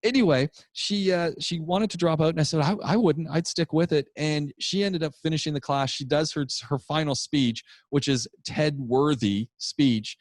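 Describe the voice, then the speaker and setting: Animated storytelling man, dry sound. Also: fairly high pitch, normal speed, few pauses, no echo. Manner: animated, rambling storyteller with many restarts. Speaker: podcast co-host and public speaking teacher. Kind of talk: casual storytelling chat.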